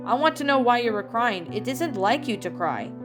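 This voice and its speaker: A woman's voice: a little high, normal speed, music in the background, lightly acted. A woman reading a fan story aloud, voicing a friendly, caring pirate captain who is a man. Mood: gentle. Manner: calm, caring.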